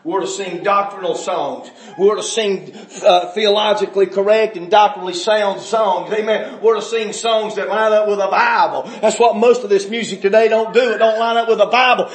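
Fiery male preacher, high voice, shouts and drops low, roomy church sound. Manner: shouting, swinging between loud outbursts and low, quiet stretches. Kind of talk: fiery sermon.

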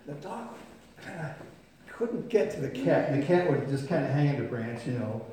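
A man's voice: mid-range voice, expressive, normal speed, mellow, slight background noise. A man preaching a sermon in a folksy, storytelling way, acting out voices and sounds. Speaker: pastor. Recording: very echoey room.

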